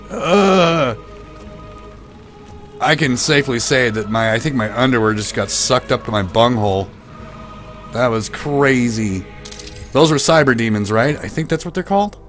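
A man commentating his own gameplay, panicking and swearing through fights, then calming down to chat. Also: mid-range voice, measured pace, pauses often, soft background music. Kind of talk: let's play commentary.

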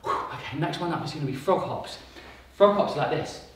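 A high-voiced man leads a kids' workout with cheerful encouragement, calling countdowns and moves between quiz questions. He sounds well away from the mic, and his voice rings around a very echoey room. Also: animated, brisk, distant mic. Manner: upbeat, encouraging, calls countdowns and cues. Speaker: fitness coach. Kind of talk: kids workout instruction with quiz.

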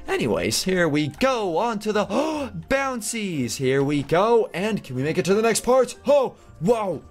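Excitable young man doing game commentary. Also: high-pitched, unhurried. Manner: excitable, gasping, chatty, mock-posh asides. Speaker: gaming YouTuber. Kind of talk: Let's Play commentary. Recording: faint background music.

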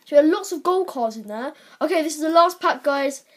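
A teenage girl giving chatty, excitable commentary while opening game card packs at her computer. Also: high voice, brisk. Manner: excitable, chatty, exclaiming over results. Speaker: vlogger. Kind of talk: casual pack-opening commentary.

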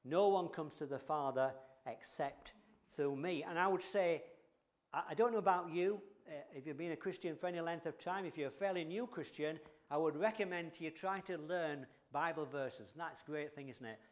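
A man's voice: on the high side, brisk. An older man from England, a church leader, preaching a conversational sermon with many fillers and restarts.

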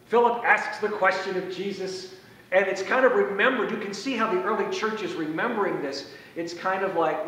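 A man priest giving a conversational, folksy sermon, slowing down to stress key phrases, in a church sanctuary. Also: high voice, a bit bright. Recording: echoey church from far off.

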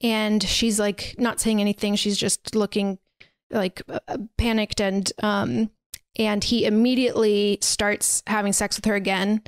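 A woman's voice: medium pitch, level tone, a little slow, clear, resonant tone, no echo. A woman podcast co-host recapping in casual chat, rambling and full of fillers like "like" and "um". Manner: rambling, filler-heavy storytelling with lots of "like" and "um". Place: podcast recording setup.

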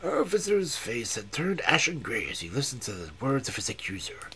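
A man reading a story aloud, narrating dramatically with wide swings and a husky tone. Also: mid-range voice, sing-song, brisk, sharp tone, a little hiss or hum. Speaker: reader. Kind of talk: audiobook reading, live stream.

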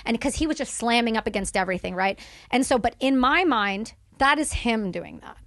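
A young woman speaking as a podcast guest, telling a candid story in animated, fast bursts and swearing freely. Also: a little high, no echo, studio quality.

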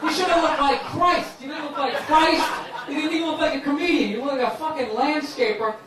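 A man's voice: very high voice, brisk. A man roasting a fellow comic on stage, brash and profane with mocking put-downs. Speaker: roast comedian. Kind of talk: insult comedy on stage. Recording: echoey hall, far from the mic, roaring crowd. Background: audience laughter and applause.

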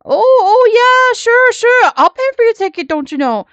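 A woman doing a panicky high squeaky plea. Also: sing-song, moderate pace, fairly bright tone, dry recording, muffled recording, heavily acted. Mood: obliging. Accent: Canadian. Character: flustered woman begging a friend for money.

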